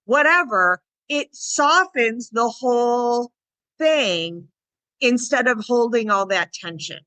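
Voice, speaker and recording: A woman dog trainer co-hosting a casual podcast, chatty and lively, acting out little bits of dialogue as she explains. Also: a little high, takes it slowly, dry recording. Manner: lively, chatty, acts out little voices and quotes.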